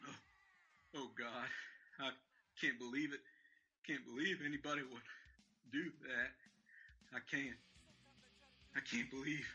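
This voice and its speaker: A man's voice: mid-range voice, fairly even intonation, slow pace, pauses often, bright, forceful tone, muffled recording, exaggerated voice. A man playing a drunk, weeping aging male vigilante who rambles and stammers in a fan audio drama. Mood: grieving. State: crying.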